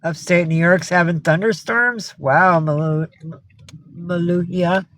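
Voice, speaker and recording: A woman's voice: lowish voice, steady tone, measured pace. A woman from upstate New York running a casual livestream. She chats easily, greets her viewers one by one and drops curse words without a second thought. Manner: chatty, greets viewers by name, swears freely. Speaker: livestream host.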